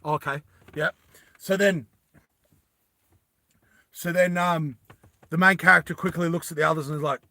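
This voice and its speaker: Rambling bright-voiced man spinning a story. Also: on the high side, steady tone, no room sound. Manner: rambling, loose, full of fillers and restarts; acts out characters' lines in quick bursts. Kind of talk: improvised storytelling to an audience.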